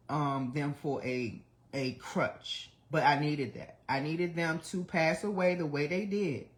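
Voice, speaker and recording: A livestream host in their forties speaks in an open, confessional monologue. The delivery is blunt and emotional, peppered with swearing. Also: medium pitch. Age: 40s. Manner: candid, blunt and heavily profane; emotional, speaks of trying not to cry.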